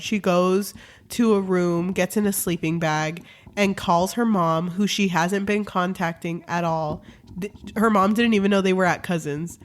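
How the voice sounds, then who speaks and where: A young woman co-hosting a podcast, chatting casually and frankly with fillers and the odd swear. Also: medium pitch. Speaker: podcast co-host. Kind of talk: casual chat.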